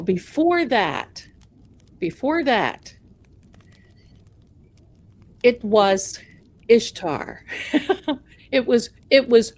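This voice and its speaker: A woman's voice: mid-range voice, slight background noise. A woman hosting a live stream who tells a chatty, folksy, self-mocking story. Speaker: livestream host.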